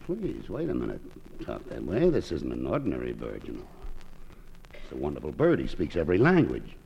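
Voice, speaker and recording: A man playing a wheedling male saloon patron who coaxes in a low murmur, on an old radio broadcast. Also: wildly swooping pitch, fairly quick, creaky, darkish tone, breathy edge, lo-fi sound, exaggerated voice. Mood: pleading.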